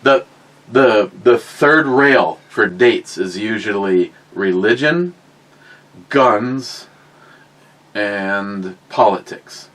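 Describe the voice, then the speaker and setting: Bright-voiced rambling storyteller man. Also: fairly low pitch, animated, very slow, rough recording. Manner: rambling, crude, self-mocking storyteller. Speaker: podcast co-host. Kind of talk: casual storytelling chat.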